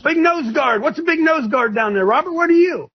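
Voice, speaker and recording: A man leading a preaching-style group discussion on a video call, addressed as coach, animated and repetitive as he calls on listeners one by one. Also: extremely high pitch, a little fast. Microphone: video call microphone. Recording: muffled video call audio.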